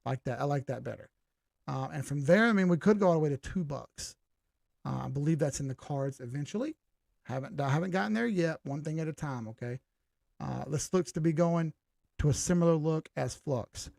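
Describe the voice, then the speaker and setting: Blunt, gravelly-voiced man on a live stream. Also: fairly high pitch, lively intonation, brisk, darkish tone, dry recording, clean studio sound. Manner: blunt, combative, talks to chat directly. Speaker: crypto live-stream host. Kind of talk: casual chart analysis on a live stream.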